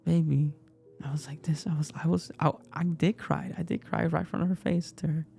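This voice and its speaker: A young man retelling a personal story in an emotional, halting way, repeating himself often. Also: a little high, fairly even intonation, gravelly, dark tone, faint music behind. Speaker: casting participant.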